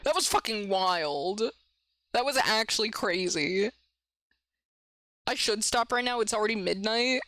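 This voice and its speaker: Bright-voiced woman streamer, swearing and giggling. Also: mid-range voice, animated, unhurried, pauses often, no room sound, low-quality recording. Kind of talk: casual let's-play chat and reading game text.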